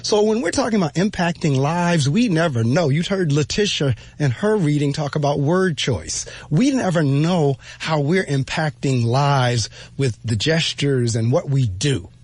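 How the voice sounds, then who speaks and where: A man's voice: fairly high pitch, lively intonation, unhurried, hardly any pauses, darkish tone, dry recording. A man giving an earnest spoken reflection, emphatic and repeating his phrases for weight. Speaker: speaker giving a motivational talk.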